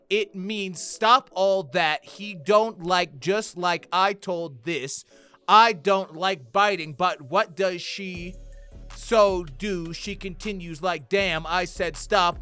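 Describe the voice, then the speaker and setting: A man hosting a reaction video, excitable, profane and rambling as he comments. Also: sits high, slow pace, clean tone, soft background music.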